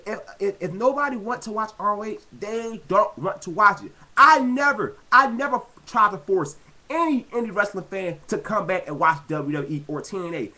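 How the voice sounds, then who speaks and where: Lively high-voiced ranting man. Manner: heated, repetitive, peppered with "you know". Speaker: vlogger. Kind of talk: casual rant to camera.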